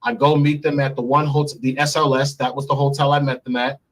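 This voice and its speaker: A man's voice: medium pitch, flat delivery, fast talker, crowd noise, low-quality recording. A man as an interview guest, bluntly and profanely telling a personal story. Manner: blunt and profane, speaks freely.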